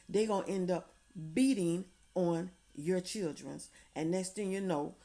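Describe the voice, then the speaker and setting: A woman's voice: medium pitch, dark tone. A woman vlogger giving impassioned advice straight to the viewer, emphatic and repeating her points like a sermon. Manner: emphatic, repetitive, preaching tone. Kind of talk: impassioned direct-to-camera advice.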